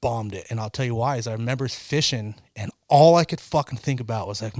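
A man's voice: mid-range voice, fairly quick, few pauses, darkish tone, no echo. A man from Northern California telling rambling, profanity-laced stories as a guest on a casual podcast. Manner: profane, rambling storyteller, swears constantly. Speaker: guest, angler and former amateur fighter.

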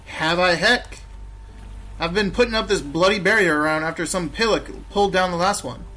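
A man voicing a lazy, corrupt London policeman who talks in loud, scornful slang. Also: sits high, normal speed. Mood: brash.

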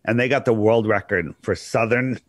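A man speaking as a podcast guest in casual conversation, talking in a rambling, animated way as he loses his voice. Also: lowish voice, normal speed, no room sound, studio quality. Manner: rambling, animated conspiracy talk. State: losing his voice.

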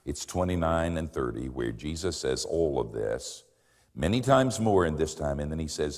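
An older man preaching a sermon with dramatic swings in pitch and volume and wry, self-mocking humor. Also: sing-song, moderate pace, darkish tone. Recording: long hall reverb.

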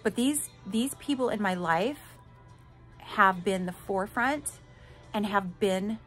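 Candid, bright-voiced woman telling her story. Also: mid-range voice, takes it slowly, faint music behind. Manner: candid and emphatic, swears casually, addresses listeners directly. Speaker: podcast host. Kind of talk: personal storytelling monologue.

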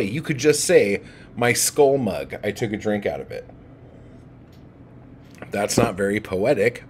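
A man's voice: mid-range voice, a little hiss or hum. A man ranting about writing to his followers, agitated and swearing heavily. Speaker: book vlogger. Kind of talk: profane rant to camera.

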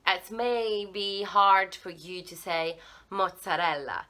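Bright-voiced Italian woman teaching slowly. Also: medium pitch. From Italy. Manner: animated, playful, exaggerated word drills. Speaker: language video host. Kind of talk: casual teaching vlog.

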